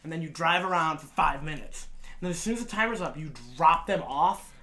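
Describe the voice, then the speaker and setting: A young man co-hosting a podcast, telling profane high school stories in a casual, laughing way and acting out what others said. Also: a little fast, sharp tone. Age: young adult. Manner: profane, laughing anecdotes with acted-out quotes. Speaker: podcast co-host. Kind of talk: casual storytelling chat.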